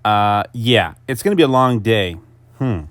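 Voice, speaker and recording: A man's voice: lowish voice, animated, measured pace, a bit bright, no room sound, studio quality. A young man narrating his motorcycle trip vlog in a casual, jokey, self-mocking voice-over. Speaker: motorcycle vlogger.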